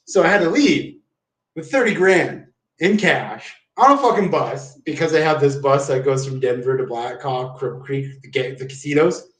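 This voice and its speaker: A man's voice: mid-range voice, expressive, normal speed. Profane man rambling in a roomy room. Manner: profane, slangy, keeps saying "dude". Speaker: live streamer. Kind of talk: rambling casual storytelling. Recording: roomy, distant mic.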